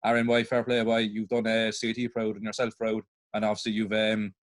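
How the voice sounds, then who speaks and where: A young man with a Cork Irish accent thanks his friend with casual teasing and the local "boy." He talks fast in an even, flat pitch. His voice sounds dry and close to the mic. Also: no room sound. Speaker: students' union officer. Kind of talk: casual thanks on a video call.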